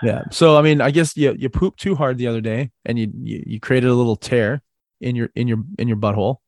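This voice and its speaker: A man's voice: mid-range voice, steady tone, a little fast, darkish tone, no echo. Teasing male podcast host, dry sound. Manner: teasing, laughs often, sets up crude hypotheticals. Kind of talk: casual podcast chat.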